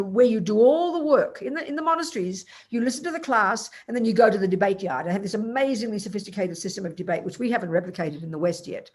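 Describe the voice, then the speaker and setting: A woman's voice: mid-range voice, slightly rough. An older Australian woman, a Buddhist nun, teaching a class in a blunt, colloquial, teasing way, calling listeners darling.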